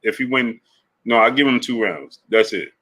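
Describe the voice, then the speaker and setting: A man's voice: medium pitch, animated, moderate pace, sharp tone. A young man co-hosting a casual live sports stream, giving emphatic predictions and repeating his pleas to viewers. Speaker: co-host answering viewer comments.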